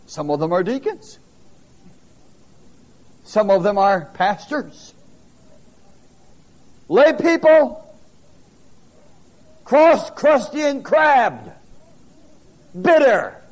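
A man's voice: high voice, very animated, very slow, long pauses, a little mellow. A man preaching a sermon, calling out questions to his listeners and pressing his points with emphasis. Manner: emphatic, calls out questions to the congregation. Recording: dull lo-fi sermon recording.

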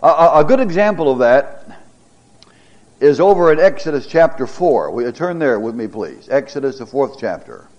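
A middle-aged man, a pastor, teaching a Bible class, reading scripture dramatically and pausing with fillers and repeated words. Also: mid-range voice, big pitch swings, a little mellow, highs cut off.

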